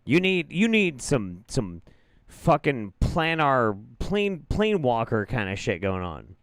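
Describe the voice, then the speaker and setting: A man's voice: medium pitch, sing-song, takes it slowly, a bit bright, clear, resonant tone, dry recording, studio quality. A man hosting a show, giving amused, profane casual commentary on a clip he is watching. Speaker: host reacting to a clip.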